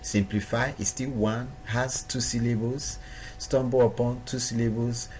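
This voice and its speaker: A man's voice: mid-range voice, little pitch movement, unhurried, a little mellow, slight background noise. A man giving a recorded training lesson to his students, stressing points by repeating words. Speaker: online business trainer.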